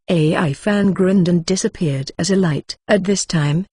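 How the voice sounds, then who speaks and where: A computer voice of a woman narrating a novel in an even, mechanical reading. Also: fairly low pitch, moderate pace, hardly any pauses, breathy edge, no echo, clean studio sound. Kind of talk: synthetic audiobook narration.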